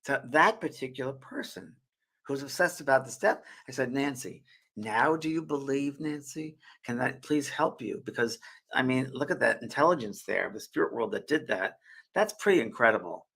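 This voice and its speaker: Speaking into a desk mic on his live stream, a middle-aged spiritual medium and host chats casually and tends to tear up with emotion. His medium-pitched voice is lively and moderately paced, a bit bright, with vocal fry and a breathy edge. The audio is rough.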